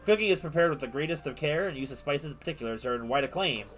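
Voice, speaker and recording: A man's voice: fairly high pitch, fast talker, fairly bright tone. A man streaming a game live, reading the on-screen text aloud and rambling playfully between lines. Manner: playful, rambling asides with frequent restarts. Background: game music.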